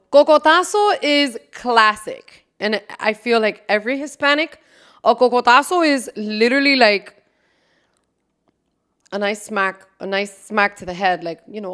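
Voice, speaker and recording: A young woman hosting a casual solo podcast, chatty and animated, laughing often and swearing freely. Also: medium pitch. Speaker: podcast host.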